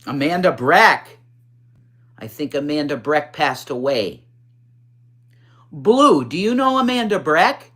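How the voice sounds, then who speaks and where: A man's voice: takes it slowly, pauses often. A man hosting a casual livestream, chatting with viewers and reading comments in a blunt, profane, rambling way. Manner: blunt, profane, chatty, swings up in pitch when excited. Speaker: livestream host. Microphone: phone.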